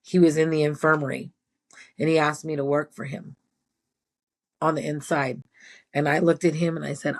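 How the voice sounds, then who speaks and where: Lowish-voiced woman, blunt and profane, telling prison stories in a chill interview. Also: flat delivery, brisk. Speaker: former prison nurse, guest. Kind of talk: casual interview storytelling.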